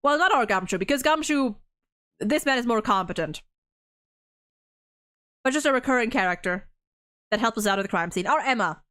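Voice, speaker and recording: A woman's voice: fairly high pitch, animated, normal speed, long pauses, fairly bright tone. A woman game streamer chatting casually, playful and stumbling over her words. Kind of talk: casual live-stream chat. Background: game music.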